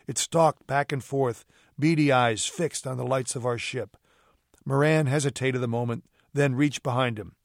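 A man reading a story aloud as narrator, steady and even. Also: medium pitch, normal speed, dry recording, clean studio sound. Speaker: audiobook reader. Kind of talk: scripted narration.

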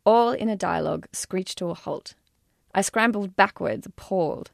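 A woman's voice: mid-range voice, moderate pace, gravelly, dry recording, clean studio sound. Wry woman reading her memoir. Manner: wry, self-deprecating. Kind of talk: audiobook-style memoir reading.

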